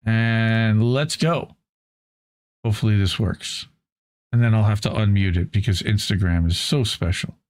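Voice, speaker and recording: A man's voice: fairly low pitch, measured pace, a little mellow. A man hosting a live independent news stream, talking casually and thankfully, often repeating words as he goes. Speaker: host. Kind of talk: livestream news show.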